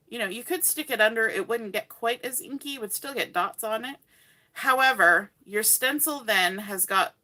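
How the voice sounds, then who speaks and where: A woman's voice: mid-range voice, sharp tone. A middle-aged woman giving a chatty, cheerful craft demonstration, talking her viewers through each step as she works. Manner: chatty, cheerful, talks while working. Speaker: craft instructor. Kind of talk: live online craft demonstration.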